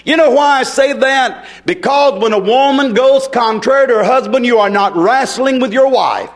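High-voiced fiery preacher. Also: male voice, moderate pace. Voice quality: folksy, emphatic, swinging between soft asides and forceful declarations. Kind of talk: fiery sermon.

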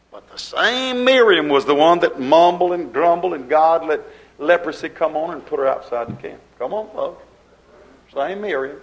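A man preaches a sermon as pastor, fervent and folksy in his grammar, posing rhetorical questions and swinging between loud and hushed. His voice sits high, and the audio is poor.

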